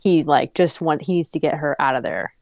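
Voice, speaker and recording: A woman's voice: sits low, fairly quick, creaky, a little mellow, no room sound, studio quality. A young woman co-hosting a casual podcast, talking through her views with a lot of restarts and fillers. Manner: hesitant, stops and restarts while giving her opinions. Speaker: podcast co-host. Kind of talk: casual chat.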